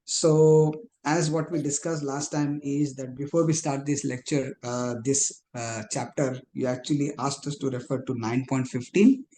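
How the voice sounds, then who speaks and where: A male student explaining a verse in an online class, halting and often restarting, heard over a video call. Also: medium pitch, steady tone, mellow. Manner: halting, many pauses and restarts. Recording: echoey room with faint noise.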